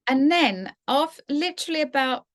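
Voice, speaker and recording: English mum chatting on a podcast, kinda high voice, gets a bit emotional telling a story. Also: female voice, animated, normal speed. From England. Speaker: podcast co-host. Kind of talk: casual chat.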